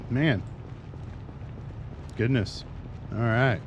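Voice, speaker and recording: A man's voice: mid-range voice, expressive, drawn-out words, vocal fry. A man in his thirties chatting casually and at length with his viewers while streaming a game. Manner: chatty, rambling, self-described talker. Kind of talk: casual chat while playing. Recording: noisy stream audio.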